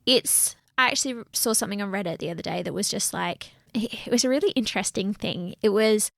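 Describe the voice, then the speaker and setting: A woman co-hosting a relaxed podcast, speaking earnestly and with plenty of animation. Her voice carries a gravelly, fry-laden edge. The recording is dry and close, with no room sound. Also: mid-range voice, fairly quick, dry recording. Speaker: podcast co-host. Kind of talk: casual podcast chat.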